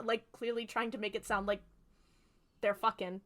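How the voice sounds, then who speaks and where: Woman, podcast co-host, bright tone, chatty recap, filler-heavy, casual swearing. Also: mid-range voice, little pitch movement, normal speed. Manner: chatty retelling, many fillers, swears freely. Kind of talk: casual chat.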